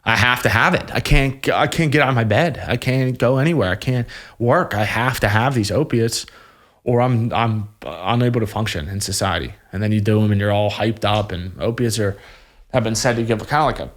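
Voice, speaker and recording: A young man, a podcast guest candidly telling his personal story, halting and emotional with many fillers and restarts. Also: on the low side, fairly bright tone.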